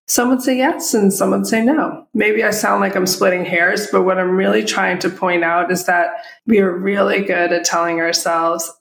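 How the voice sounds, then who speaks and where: Gravelly-voiced woman coaching on a podcast. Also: medium pitch. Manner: explanatory, asks listeners rhetorical questions. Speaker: podcast host coaching photographers. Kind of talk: solo podcast monologue. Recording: echoey room.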